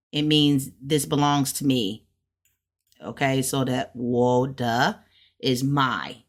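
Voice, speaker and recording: A woman teaching herself Mandarin in a casual lesson. She sounds out syllables and repeats each one several times, thinking aloud when she is unsure. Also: a bass voice. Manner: thinks aloud, unsure of her own pronunciation. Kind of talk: casual self-study lesson.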